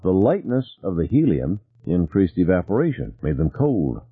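Deep husky guy reading an audiobook, lively delivery, tinny phone-like sound. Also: moderate pace, dry recording. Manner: varied, expressive reading. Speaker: narrator. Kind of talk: audiobook narration.

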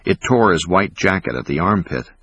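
A man reading a thriller audiobook in a measured, dramatic way. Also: low voice, lively intonation, vocal fry, fairly bright tone, breathy edge, dry recording, lo-fi sound. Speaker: audiobook narrator. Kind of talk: scripted narration.

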